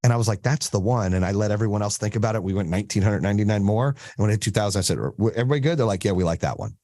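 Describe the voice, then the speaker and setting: A man's voice: on the low side, very fast, a little mellow, no room sound. A man hosting a podcast, coaching a small group on business in a blunt, profane, storytelling way.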